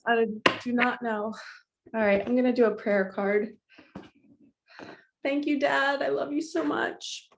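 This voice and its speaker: A woman's voice: fairly high pitch, steady tone, unhurried, long pauses, very noisy. A woman hosting a casual spiritual card-reading vlog, emotional and tearful, talking straight to her viewers in a chatty, heartfelt way. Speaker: spiritual coach and host.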